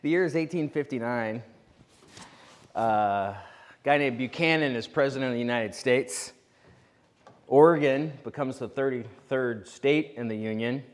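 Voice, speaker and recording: A man preaching a sermon as pastor, telling a story with lively asides. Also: medium pitch. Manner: animated storytelling with quick asides. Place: church sanctuary. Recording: long reverb of a church hall.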